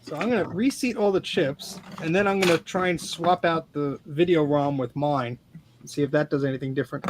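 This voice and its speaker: An excitable man talks through a live computer repair, laughing often and poking fun at himself. His voice runs high for a man. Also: brisk, noisy background. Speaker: guest repairing vintage computers. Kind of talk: casual livestream chat while repairing.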